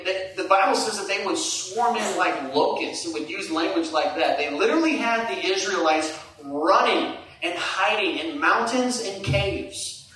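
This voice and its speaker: A middle-aged man preaching a sermon, animated, climbing to high emphatic peaks and dropping to hushed asides. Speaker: pastor. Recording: echoey hall, distant mic.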